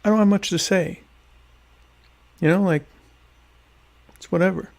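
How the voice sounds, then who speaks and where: A young adult man hosting a podcast, answering listener questions in a deadpan, ironic, rambling way while eating dinner. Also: high-pitched, a little slow, creaky. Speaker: podcast host. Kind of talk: casual solo chat answering listener questions.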